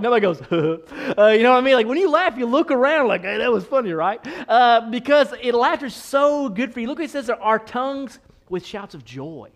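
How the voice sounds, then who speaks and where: A male pastor delivering a lively sermon in a fairly high voice. He jokes loudly with the congregation, then drops to a hushed, slower tone when he reads scripture. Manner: animated, swings between loud punchy asides and soft quoted passages.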